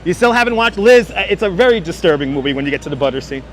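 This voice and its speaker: A man's voice: high voice, expressive, racing. A man hosting a walking-tour livestream, chatting casually and joking with viewers, often laughing, on a clip-on mic outdoors. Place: outdoors on city streets. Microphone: wireless clip-on mic. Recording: faint city street noise.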